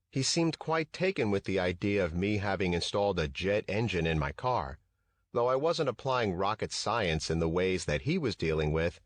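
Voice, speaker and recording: A man narrating a first-person memoir audiobook in a measured, even reading. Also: fairly low pitch, no room sound.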